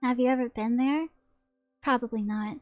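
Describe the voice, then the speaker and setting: A woman voicing an odd, childlike young woman who is a murder suspect, talking in a soft, halting, naive way. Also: on the high side, natural voice. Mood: musing. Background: background music.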